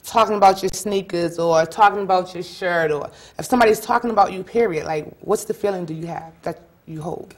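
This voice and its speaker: A woman's voice: lowish voice, fairly quick, hardly any pauses. Woman hosting a casual talk show. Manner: encouraging, asks questions, repeats herself.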